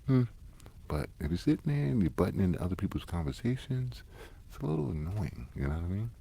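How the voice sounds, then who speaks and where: A man's voice: deep voice, sing-song, fast talker, vocal fry, dark tone, husky. A man hosting a casual podcast, answering his co-host in a laid-back way, with some swearing and chuckles.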